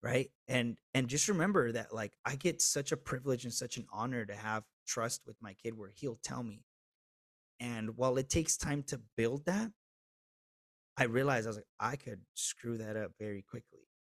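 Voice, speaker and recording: Man in his thirties, open-hearted guest, swears, goes big then drops real quiet, dry mic. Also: mid-range voice, normal speed, dry recording. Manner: animated storyteller who swings between loud and hushed, swears freely. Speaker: podcast guest. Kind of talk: candid storytelling interview.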